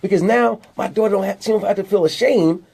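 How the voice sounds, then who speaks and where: A man speaks with a slightly high, husky, dark voice. He promotes an event like a hype man, stretching out key words for emphasis. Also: quick pace. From South Philadelphia. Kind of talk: radio interview. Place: radio studio.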